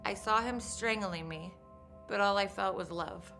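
A woman giving documentary interview testimony as a crime survivor, in a measured, halting, hushed way. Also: medium pitch, creaky, faint music behind.

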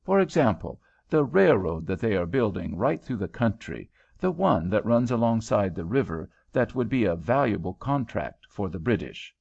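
A man plays a relaxed, reasonable American traveller who muses and questions at an even pace. The voice is low, deeply gravelly and lively in pitch, heard through a dull, lo-fi recording. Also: moderate pace, few pauses, heavily acted. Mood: curious.

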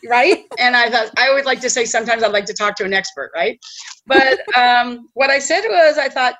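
A woman telling a personal story in a chatty, animated way, often checking in with her listeners. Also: fairly high pitch, fairly quick, poor audio. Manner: chatty, animated, tag questions. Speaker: host. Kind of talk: storytelling talk.

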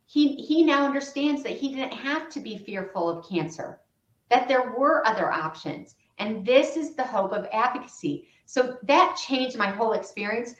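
Animated storytelling woman, echoey room. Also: on the high side, moderate pace, dull audio. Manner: lively, re-enacts phone calls in dialogue. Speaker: patient advocate. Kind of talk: storytelling in a podcast interview.

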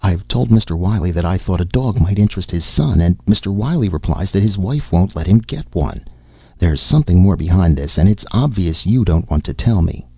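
A man reading the part of a brisk, blunt woman night nurse, in a deep voice. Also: lively intonation, gravelly, warm tone, slightly rough, no room sound, dull audio, exaggerated voice. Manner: direct, brisk, persistent.

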